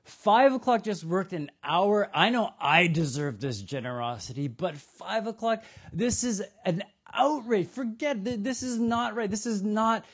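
A man's voice: high-pitched, lively intonation, a little slow, few pauses, slightly rough, voice pushed up, full character voice. A man voicing an exasperated male day laborer protesting about unfair pay in a retold parable. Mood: outraged. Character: outraged early-shift male vineyard worker.

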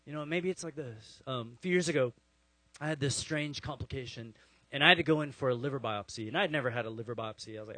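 A man's voice: on the high side, expressive, fast, a bit bright, no echo, rough recording. A man preaching a sermon, telling stories and acting out the voices of the people in them. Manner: storytelling, acts out voices of people in the story. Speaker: pastor.

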